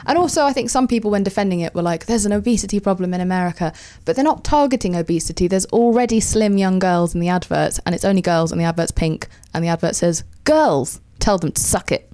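A woman's voice: mid-range voice, fast talker, hardly any pauses, dark tone. Wry emphatic woman. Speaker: podcast guest. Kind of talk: casual chat.

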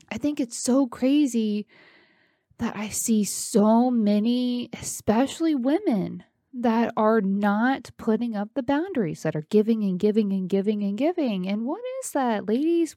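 Chatty thirty-something woman giving pep talk, mellow warm voice, dry close sound. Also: a little high, no echo. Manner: chatty, encouraging, addresses listeners directly. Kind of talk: casual self-care talk.

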